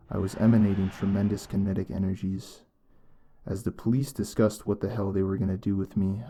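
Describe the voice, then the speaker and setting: A man reading a first-person story as scripted narration, in a measured, even way. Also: sits low.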